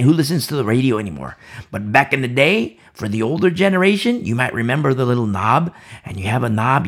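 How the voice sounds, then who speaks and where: Man, preacher, lively swooping pitch, emphatic repetition, Bible sermon. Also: gravelly. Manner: emphatic, repeats key phrases for emphasis.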